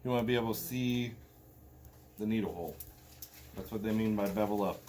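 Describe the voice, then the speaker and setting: A man's voice: on the low side, brisk, a little mellow, a little hiss or hum. A man from Indiana teaching a hands-on medical class in a casual, blunt, joking way. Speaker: tactical medicine instructor.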